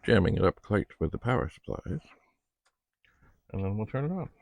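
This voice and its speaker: A man's voice: on the low side, lively intonation, moderate pace, creaky, a little mellow, no room sound. A middle-aged man hosting a vlog, chatting casually as he narrates each step of his work with playful little asides. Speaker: vlog host testing vintage computers. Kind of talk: casual narration while working.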